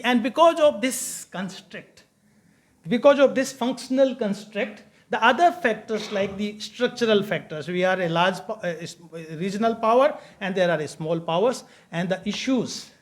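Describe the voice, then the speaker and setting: A man giving an academic conference lecture, emphatic and halting, with frequent restarts. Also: very high voice. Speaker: conference speaker.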